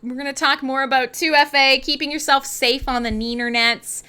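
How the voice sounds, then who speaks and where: This livestream host is a Canadian woman, tired and high, who rambles, giggles, curses freely and mocks herself. Her voice is high and smooth with a sharp tone, fairly even intonation, normal speed and hardly any pauses.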